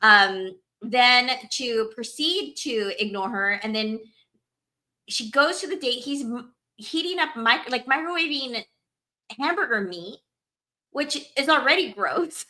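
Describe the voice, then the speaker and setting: A woman hosting a podcast in casual chat, animated and laughing often. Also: on the high side, measured pace. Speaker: podcast host.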